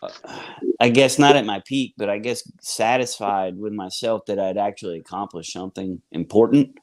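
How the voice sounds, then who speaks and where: Here a Southern-accented man relates his recovery journey as a guest, at normal speed in a slightly mellow voice on the low side. It's a loose, rambling account full of filler, with frequent "man" and "y'all."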